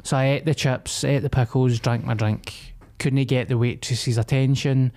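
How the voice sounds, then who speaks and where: A man's voice: medium pitch, fairly even intonation, moderate pace, mellow. A young Scottish man co-hosting a podcast, telling a sweary rant in casual chat. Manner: swears a lot, tells rants with acted-out quotes. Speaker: podcast co-host.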